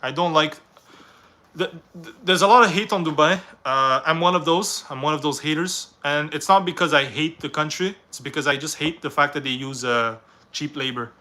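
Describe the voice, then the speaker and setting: Bright-voiced young man streaming. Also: a little high, moderate pace. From Canada. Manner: reads viewer questions aloud, then answers with rambling opinions. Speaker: live streamer answering chat. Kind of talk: casual live-stream Q&A.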